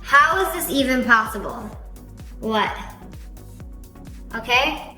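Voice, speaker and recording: A woman's voice: fairly high pitch, very animated, takes it slowly, bright, forceful tone, roomy sound, soft background music. A woman hosting a reaction video, chatting casually with playful sarcasm.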